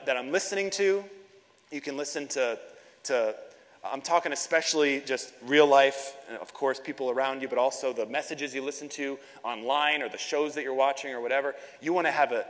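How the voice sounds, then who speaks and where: A man's voice: a little high, fairly bright tone. A young man preaching a sermon in a church, earnest, often repeating words as he builds a point. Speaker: pastor. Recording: long hall reverb.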